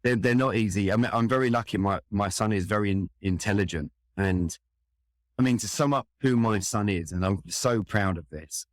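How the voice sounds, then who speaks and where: A man's voice: lowish voice, normal speed, no echo, clean studio sound. A middle-aged man with a London accent, telling a personal story in an earnest, reflective way. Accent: London English. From England. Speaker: interview guest, firefighter.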